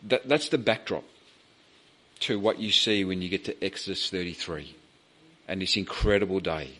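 A man preaching a sermon in a church, animated and rising in pitch as he acts out the pleas in the passage. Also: normal speed.

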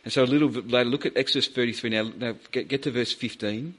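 A man preaching a sermon in a church, animated and rising in pitch as he acts out the pleas in the passage. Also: quick pace.

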